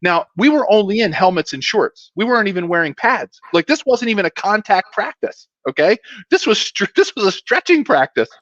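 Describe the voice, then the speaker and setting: A man's voice: high-pitched, sing-song, a little fast, fairly bright tone, no room sound, muffled recording. A man in his fifties, a former pro football player, telling a long story as a guest in a casual, rambling way with many asides.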